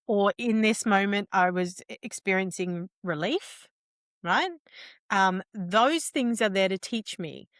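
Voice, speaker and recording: A woman's voice: mid-range voice, a bit bright, no room sound, clean studio sound. A middle-aged woman, a guest on a podcast interview, explaining earnestly with frequent restarts and tag questions. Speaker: guest, entrepreneur.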